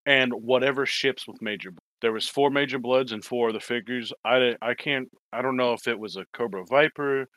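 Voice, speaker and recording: A man's voice: mid-range voice, fairly quick, hardly any pauses, fairly bright tone, no room sound. A man telling a long story in casual chat, swearing and rambling, acting out quoted lines. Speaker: toy collector telling a story.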